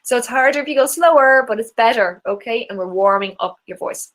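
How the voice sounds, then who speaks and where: A woman's voice: fairly high pitch, fairly quick, fairly bright tone. A woman with an Irish accent teaching an online singing workshop, encouraging and demonstrating vocal exercises. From Ireland.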